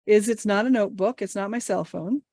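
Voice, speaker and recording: A woman's voice: medium pitch, a little fast, dark tone, no room sound, studio quality. A woman teaching English over a video call, playfully leading a guessing game. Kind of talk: online teaching session. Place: home office.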